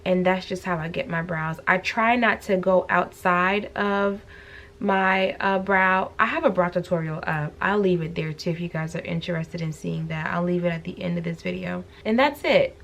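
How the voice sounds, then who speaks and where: A woman's voice: fairly low pitch, fairly even intonation, moderate pace, gravelly, a bit bright. A woman chatting casually to her viewers in a home vlog, gushing and talkative, recorded by a camera on a bedroom floor. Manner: chatty, gushing, addresses viewers as you guys. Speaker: lifestyle vlogger. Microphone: camera on the floor at eye level. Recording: echoey room with faint hum.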